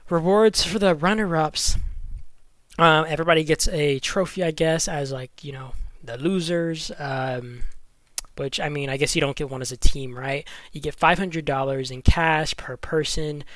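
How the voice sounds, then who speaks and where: A man's voice: fairly high pitch, steady tone, moderate pace, a bit bright, no room sound. Rambling gaming YouTuber man. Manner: rambling, stumbles over words, thinks aloud. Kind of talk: casual commentary on a mobile game.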